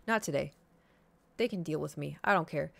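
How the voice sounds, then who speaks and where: A woman in her thirties telling a story to her stream viewers in a casual chat, animated and full of swearing, acting out her own reactions. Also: low-pitched, normal speed, creaky, dry recording. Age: 30s. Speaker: livestreamer.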